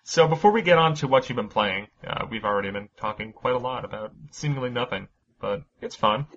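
A man's voice: medium pitch, fairly quick, muffled recording. Casual, swearing male podcast host. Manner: energetic, swears freely, laughs often. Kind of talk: casual chat and news rundown.

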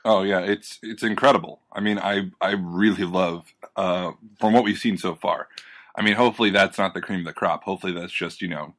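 A man's voice: sits low, fairly even intonation, a little fast, a bit bright. A man talking casually as a podcast guest, hesitant and full of fillers. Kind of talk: casual chat.

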